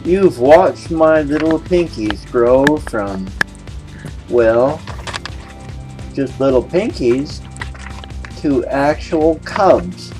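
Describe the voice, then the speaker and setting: A playful, cooing voice in their fifties narrates pet footage in easy, rambling chat. The pitch sits in a comfortable middle range, and clear background music plays the whole time. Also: lively intonation, extremely slow, pauses often. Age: 50s. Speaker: pet vlogger.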